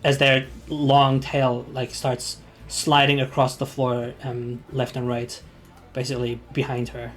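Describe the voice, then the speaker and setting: A man's voice: mid-range voice, flat delivery, a little slow, fairly bright tone. A man narrating as game master of a tabletop game, hesitant and full of fillers.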